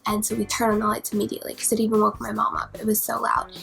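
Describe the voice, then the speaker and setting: Gravelly young woman telling a spooky story. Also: mid-range voice, monotone, faint music behind, low-quality recording. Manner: dramatic, profane, fast swings between whispers and near-shouts. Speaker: vlogger. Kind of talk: storytime vlog.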